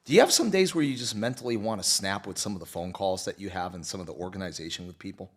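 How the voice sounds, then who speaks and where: Animated, joking male talk show host. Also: sits low. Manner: jokey, quick to act out movie scenes. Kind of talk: casual studio chat. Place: TV studio.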